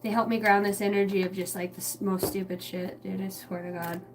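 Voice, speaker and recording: A woman's voice: mid-range voice, a little fast. Brief: young woman psychic streamer, casual rambling chat, lots of swearing, faint background noise at home. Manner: rambling, swears a lot, animated. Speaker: livestream psychic reader.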